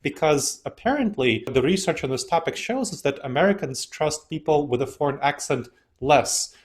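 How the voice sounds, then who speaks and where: A man's voice: fairly high pitch, lively intonation, normal speed. Man in an interview, telling his story. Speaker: interview guest. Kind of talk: casual storytelling.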